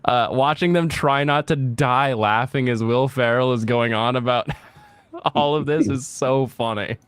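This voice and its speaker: A man hosts a relaxed reaction stream, cracking jokes and laughing often as he wanders through his thoughts. His voice sits at a middle pitch and sounds dry and close to the mic. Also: unhurried, smooth, no echo. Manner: joking, laughs often, rambling. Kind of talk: casual reaction commentary.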